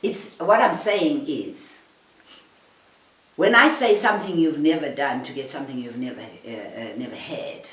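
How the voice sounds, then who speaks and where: A woman's voice: deep voice, normal speed. A South African woman giving a motivational talk to a small group, acting out little scenes and calling her listeners honey. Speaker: motivational speaker. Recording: roomy sound from a distance.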